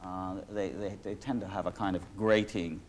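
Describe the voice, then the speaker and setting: A man's voice: low-pitched, steady tone, moderate pace, a little mellow, slight background noise. A man speaking as the interviewee in a reflective conversation, talking in long discursive sentences with frequent restarts and asides. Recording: 1986 archival talk recording.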